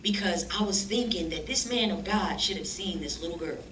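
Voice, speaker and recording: A woman telling her life story as a church guest, animated and slangy, acting out the voices of people she quotes. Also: on the low side, a little fast. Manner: animated, acts out quoted dialogue in slangy speech. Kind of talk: lively storytelling testimony. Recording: echoey room, distant mic, faint noise.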